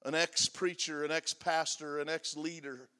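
A pastor in his sixties preaching a confessional sermon, moving between loud emphatic lines and hushed, soft passages. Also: fairly high pitch, flat delivery, normal speed, clean tone. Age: 60s.

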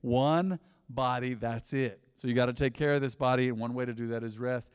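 A man's voice: mid-range voice, fairly even intonation, brisk, clear, resonant tone, long reverb tail. A man in his thirties preaching a casual, conversational sermon to a church congregation, full of rhetorical questions and asides. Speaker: pastor. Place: church sanctuary.

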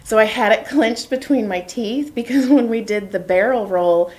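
A woman hosting a casual chat in a basement, telling lively stories, acting out the quotes and laughing often. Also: on the high side, normal speed. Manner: animated storyteller acting out quotes. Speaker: podcast host. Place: basement room.

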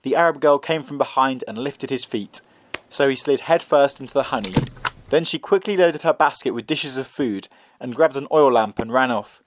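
A man narrating a folk tale in a measured, expressive storytelling reading. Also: mid-range voice.

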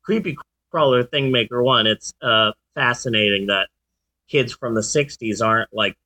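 A man in his forties hosting a podcast, chatting casually and telling stories in an animated way. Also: medium pitch, normal speed. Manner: animated storyteller, does sound effects. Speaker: podcast host. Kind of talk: casual chat.

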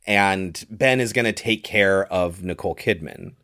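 A man's voice: low voice, unhurried, a bit bright. A man co-hosting a casual podcast, explaining a film's plot in a rambling way with many fillers. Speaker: podcast co-host. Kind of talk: casual movie-recap chat.

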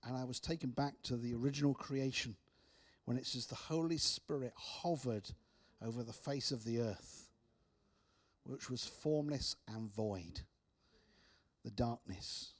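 Male preacher, storytelling testimony, drops to hushed tones. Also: mid-range voice, a little slow. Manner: storytelling with repeated restarts, soft dramatic drops. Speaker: speaker.

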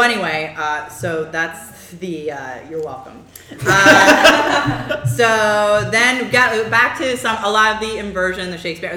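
A woman's voice: on the low side, bright, forceful tone, slight background noise. A woman chatting casually about a TV show, with lots of fillers and easy laughs. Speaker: podcast co-host discussing a TV show. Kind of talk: casual chat. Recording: roomy echo.

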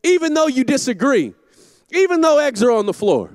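A middle-aged man, a campus pastor, preaching a sermon in a church, telling stories with shouted asides. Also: very high voice, normal speed, no echo. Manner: animated storytelling with shouted asides. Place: church auditorium.

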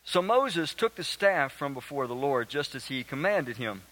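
Bright-voiced man preaching a sermon. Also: mid-range voice, lively intonation, normal speed, low-quality recording. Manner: asks the congregation questions; emphatic and earnest. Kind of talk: sermon with Bible reading.

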